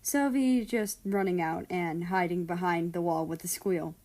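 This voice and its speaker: A woman reading a fan fiction story aloud in a steady, storytelling way. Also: on the low side, unhurried. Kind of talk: scripted narration of a fan story.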